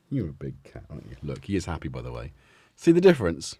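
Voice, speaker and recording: A man hosts a relaxed livestream and chats in loose, rambling tangents, breaking into laughter often. His pitch swings up and down freely, and the sound is close and dry. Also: quick pace, husky, no room sound. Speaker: livestream host. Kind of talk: casual livestream chat.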